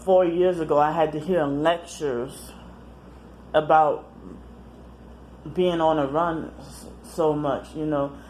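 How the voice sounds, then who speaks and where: A woman talking casually to camera in a personal monologue, rambling, halting and often correcting herself mid-sentence. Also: low-pitched, fairly even intonation, darkish tone, slight background noise. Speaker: vlogger.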